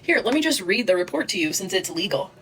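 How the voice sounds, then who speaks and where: A young woman livestreaming, talking fast and agitated, swearing and replying to chat comments. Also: mid-range voice, very animated, breathy edge. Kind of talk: livestream rant.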